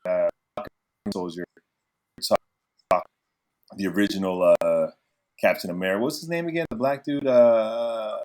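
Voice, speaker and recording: A man's voice: fairly low pitch, fairly even intonation, a little slow, long pauses, a little mellow. A man co-hosting a podcast in casual chat, reflective and steering the conversation. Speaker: podcast co-host.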